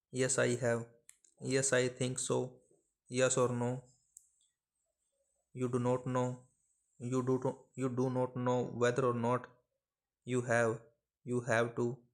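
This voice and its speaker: Slow, monotone man dictating words. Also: medium pitch. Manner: measured, monotone delivery of isolated phrases. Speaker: shorthand dictation reader. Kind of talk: slow dictation of word lists.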